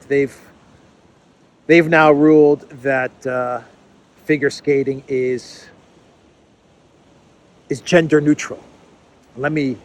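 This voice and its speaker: A middle-aged man giving casual solo news commentary, chatty and halting, with many fillers and restarts. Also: medium pitch.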